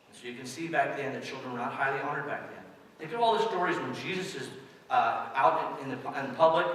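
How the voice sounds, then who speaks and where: A man's voice: fairly high pitch, fairly bright tone. A middle-aged man preaching a sermon as pastor, speaking conversationally and turning to address the children directly. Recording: distant mic, echoey church hall, faint hiss.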